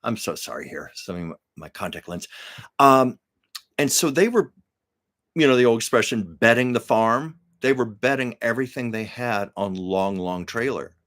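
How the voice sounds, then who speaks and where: A man's voice: mid-range voice, expressive, normal speed, a bit bright. An older man hosting a live stream, telling rambling stories in a chatty, casual way with frequent fillers.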